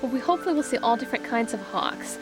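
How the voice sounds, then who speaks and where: A woman biologist with a slightly high voice explains birds of prey in a calm, plain way. Music plays quietly underneath her talk. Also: fast. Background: background music.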